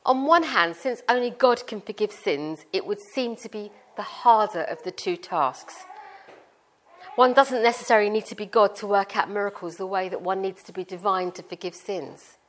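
A woman's voice: mid-range voice, normal speed. Middle-aged British woman, preacher; informal, chatty sermon delivery with homely examples. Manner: chatty, informal, explains with family stories. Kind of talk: conversational sermon.

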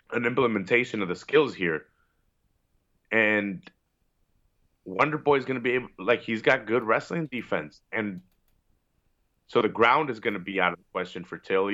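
A man hosting a podcast in casual chat, giving loud, opinionated, profane rants. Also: lowish voice, muffled recording. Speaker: podcast host.

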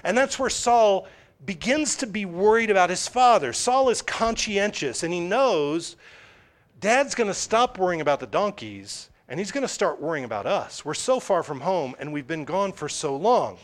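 A man preaching a sermon in a conversational, animated way, often correcting himself mid-sentence. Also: high-pitched, moderate pace.

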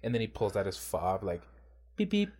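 A man co-hosting a casual podcast, telling profane stories with animated retellings. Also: a little fast, a crowd in the background. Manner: acts out quotes with big pitch jumps. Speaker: podcast co-host. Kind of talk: casual chat.

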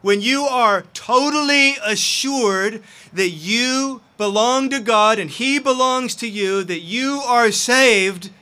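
A man's voice: extremely high pitch, takes it slowly, bright, forceful tone. A man preaching a sermon as pastor, earnest and impassioned.

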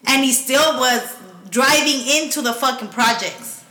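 A woman's voice: sits high, measured pace, bright, forceful tone. A woman casually telling a story in a profane, laughing way, slipping in Spanish phrases. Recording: roomy echo.

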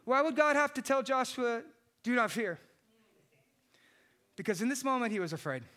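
Male pastor in his thirties, high bright voice, preaching with fervor and dropping to near-hushed tones. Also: expressive, moderate pace. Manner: impassioned preaching, shouting at peaks then dropping soft. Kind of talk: sermon.

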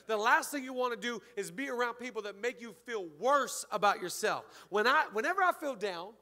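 High bright-voiced preaching man. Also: brisk. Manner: energetic, joking, calls out to the congregation. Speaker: pastor. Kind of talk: sermon.

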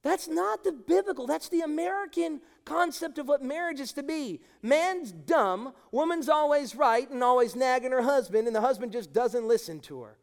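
A man's voice: very high-pitched, animated, normal speed, creaky, few pauses. A middle-aged male pastor preaching an emphatic, impassioned sermon to his congregation. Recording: long hall reverb.

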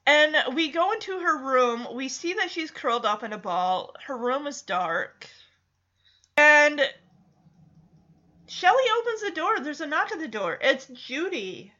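Woman, high voice, sharp bright tone, animated movie recap, muffled sound. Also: unhurried. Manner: animated, acts out characters' lines. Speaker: film recap host.

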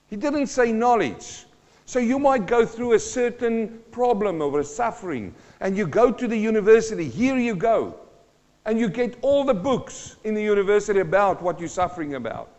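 A man's voice: high-pitched, lively intonation, moderate pace, a little mellow. A pastor preaching a sermon, emphatic and repetitive, asking his congregation rhetorical questions. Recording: dull sound with long hall reverb.

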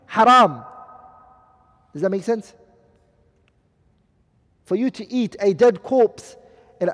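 A man with a high voice teaches a class and checks often that his students are following. He says each Arabic term, then gives its English meaning. The sound carries a long hall reverb. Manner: asks the class questions, repeats and translates Arabic terms. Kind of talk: classroom lecture.

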